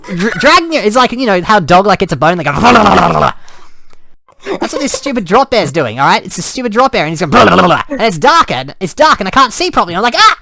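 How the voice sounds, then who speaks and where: A man's voice: high voice, sing-song, quick pace, few pauses, pushed and bright, dry recording. A man telling a story in a casual way, acting out cries and sounds and often restarting his sentences. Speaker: storyteller and host.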